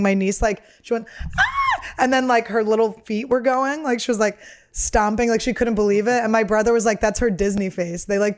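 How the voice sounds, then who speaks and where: A woman's voice: mid-range voice, a little mellow, clear, resonant tone. Rambling, foul-mouthed woman comedian host. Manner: rambling, candid, profane storytelling. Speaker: podcast host and stand-up comedian. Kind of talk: casual podcast chat.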